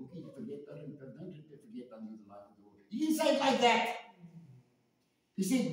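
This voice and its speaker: Male pastor, high voice, unhurried emphatic sermon delivery, distant mic, echoey church. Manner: emphatic, repeats phrases for stress, swings from soft to loud.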